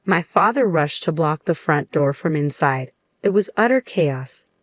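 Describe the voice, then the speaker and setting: A woman with a low voice reads a first-person story in a steady, even way. The recording is dry and close, with no room sound. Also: unhurried, no room sound. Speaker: narrator.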